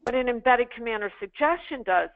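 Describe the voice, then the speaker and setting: Lively in intonation, somewhat high, and fairly quick, this sales trainer's voice comes over a tinny phone-like line. She teaches an interactive online class, coaching callers with emphatic drills and repeating phrases for them to practice.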